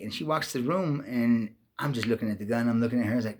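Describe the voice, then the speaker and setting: A man's voice: on the low side, fast talker, few pauses, husky. A man telling a personal story in a rambling, profane monologue, agitated and often restarting mid-sentence. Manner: profane, agitated, many restarts and repeated words.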